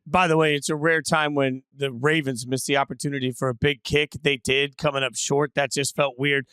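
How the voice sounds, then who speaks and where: A man's voice: medium pitch, flat delivery, normal speed, pushed and bright, clear, resonant tone, no echo. A middle-aged man hosting a casual sports analysis chat, opinionated and brash in his calls. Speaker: sports show host.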